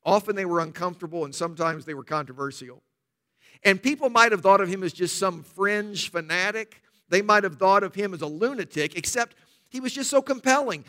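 A middle-aged man preaching a sermon as a pastor, telling stories in a relaxed, conversational way with touches of humor. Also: sits high.

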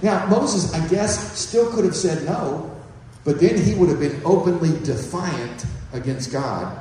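A man's voice: a little high, lively intonation, unhurried, warm tone. A man preaching a conversational sermon and reading from scripture. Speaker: pastor. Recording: echoey hall, distant mic, faint ambience.

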